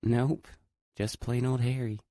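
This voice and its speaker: A man's voice: medium pitch, level tone, takes it slowly, warm tone, no room sound, clean studio sound, voice pushed up. A man voicing a chatty Southern teenage girl with a Southern accent, reading an audiobook.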